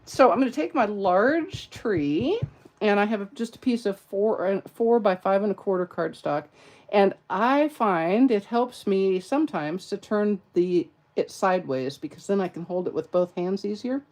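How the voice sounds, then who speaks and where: A woman's voice: medium pitch, animated, a little slow, darkish tone. A middle-aged woman from California with a Southern accent, demonstrating card crafts in a playful, chatty, self-deprecating way at her crafting table. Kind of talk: live craft tutorial.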